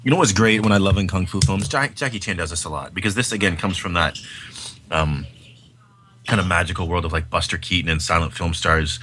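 Deep-voiced man rambling about movies. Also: brisk, bright, forceful tone, a little hiss or hum. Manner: rambling, enthusiastic, many fillers. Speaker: podcast co-host. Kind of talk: casual film chat.

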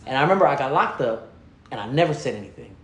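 At a quick pace, a man tells animated stories in casual talk heavy with slang. His voice sinks low and quiet when he quotes others, and he laughs through the funny parts. The room gives the recording a noticeable echo.

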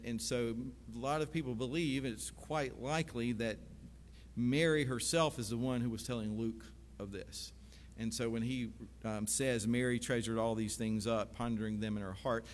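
A man's voice: mid-range voice, in a large hall, a little hiss or hum. A man preaching a sermon, talking through scripture in a conversational teaching manner and rising to emphatic proclamation when he quotes the text. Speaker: pastor.

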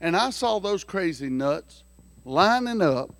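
A man preaching a sermon through folksy, joking stories, animated and lively. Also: sits high, slow pace, no room sound. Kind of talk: storytelling sermon.

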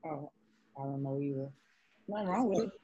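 A woman co-hosting a podcast in casual chat, lively and laughing, getting loud when excited. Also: deep voice, fairly quick, slightly rough, dull audio. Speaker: podcast co-host.

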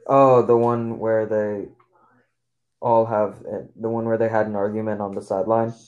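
A man's voice: fairly low pitch, level tone, normal speed, darkish tone, dull audio. A man co-hosting a casual sports podcast who gives blunt, short replies and opinions. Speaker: podcast co-host.

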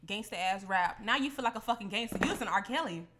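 Casting: quick, bright female co-host, blunt and crude. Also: mid-range voice, lively intonation. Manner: blunt, profane, fast interjections. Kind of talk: casual chat.

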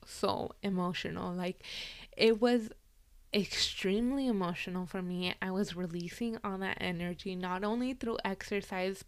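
Young adult woman, podcast host, unhurried, clear smooth voice, mixes English and Spanish. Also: medium pitch. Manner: switches between English and Spanish, relaxed and personal. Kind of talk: casual podcast chat with tarot reading.

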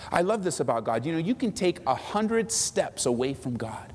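A middle-aged man, a pastor preaching a sermon with passion, swinging between soaring high phrases and quiet low asides. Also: big pitch swings, moderate pace, few pauses, breathy edge. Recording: long hall reverb.

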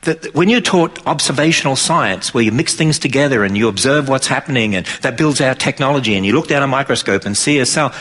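A man's voice: mid-range voice, lively intonation, fairly quick, few pauses, fairly bright tone, slightly rough. A middle-aged man with an Australian accent preaching to an audience in an emphatic, driving way. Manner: emphatic, rises sharply for mocking quotes. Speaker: Christian speaker.

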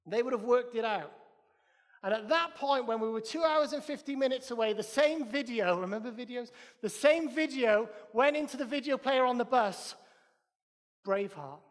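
Welsh guy preaching in church, high-ish voice, hammers points in threes, long church reverb. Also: normal speed. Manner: emphatic, repeats phrases in threes. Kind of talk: sermon.

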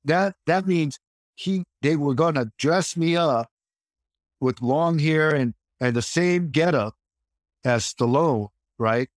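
A man's voice: a little high, slow, no room sound, studio quality. A man, an actor and martial artist, telling a long story as an interview guest and acting out other people's lines, with frequent restarts. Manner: lively storyteller who acts out quoted dialogue, many restarts.

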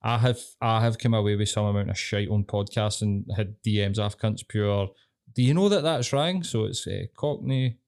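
A man's voice: lowish voice, steady tone, moderate pace, gravelly, few pauses, darkish tone, clear, resonant tone. A man with a Glaswegian accent co-hosting a podcast, blunt and sweary in casual chat with a friend. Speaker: podcast co-host.

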